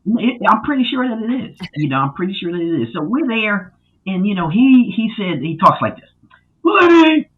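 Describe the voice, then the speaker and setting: A man who is a guest on a podcast, telling his story in a casual, animated way with many fillers and loud acted-out quotes. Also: high-pitched, brisk, husky. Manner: animated, lots of fillers, acts out quotes loudly. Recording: tinny phone-like line.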